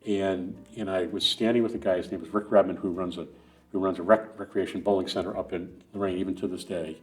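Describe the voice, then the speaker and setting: With soft music playing behind him, a middle-aged man guesting on a running podcast speaks in a low, steady voice at a quick pace. He tells long, meandering stories, restarting often and drifting into asides.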